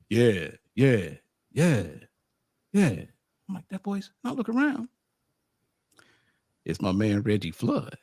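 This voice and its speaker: A man with an animated, stammering manner, telling a casual story as a sports media host. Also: mid-range voice, no echo, studio quality. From United States. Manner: animated, acts out quotes, frequent stammered restarts.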